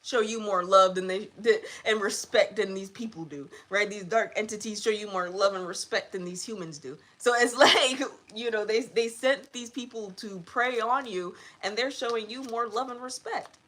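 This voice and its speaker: A woman hosting a live collective tarot reading, chatty and animated, often laughing. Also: mid-range voice, moderate pace, few pauses. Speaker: tarot reader.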